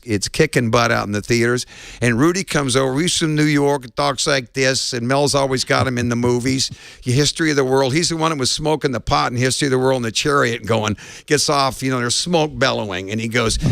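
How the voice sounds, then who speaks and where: Man, gravelly voice, interview guest, lively anecdotes, dry sound. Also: medium pitch, dry recording. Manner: lively storyteller, acts out quotes. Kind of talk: anecdotal storytelling.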